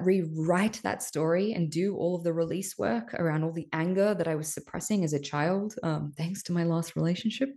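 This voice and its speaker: A woman hosting a podcast, telling a personal story in a candid, emphatic way, swearing casually and often checking in with "right?". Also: on the low side. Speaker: podcast host.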